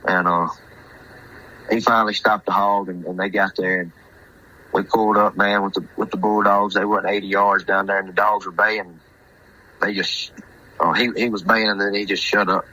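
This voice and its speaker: Deep-voiced rambling storyteller. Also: male voice, level tone, normal speed, sharp tone, rough recording. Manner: rambling, repeats and restarts himself. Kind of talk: casual storytelling.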